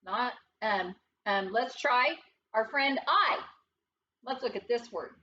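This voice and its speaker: A woman teacher with a fairly high, bright voice leads a phonics lesson at an unhurried, careful pace. She sounds out letters and encourages the class. She is recorded from across the classroom, so the audio is distant and dull, with faint noise behind her. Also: expressive.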